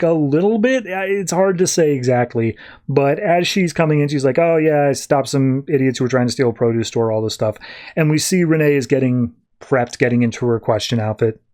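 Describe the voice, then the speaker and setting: A man's voice: mid-range voice, a little mellow. A man hosting a podcast, retelling a comic book issue in casual chat and paraphrasing the characters as he goes. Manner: retells scenes in a quick paraphrase full of "he's like" quotes. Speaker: podcast host.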